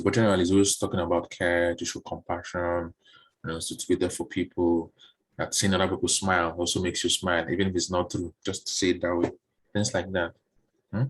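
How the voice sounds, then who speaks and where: Low, husky-voiced man coaching on a call. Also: a little fast. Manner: relaxed, repeats words while thinking. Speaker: interview coach. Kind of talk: online Q and A session. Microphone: video call.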